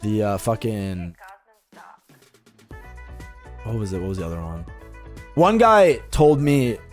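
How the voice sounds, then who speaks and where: A man's voice: fairly low pitch, animated, takes it slowly, soft background music. A young adult man streaming a game and telling a story in a casual, profane, rambling way. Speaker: gaming streamer. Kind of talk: casual storytelling while gaming.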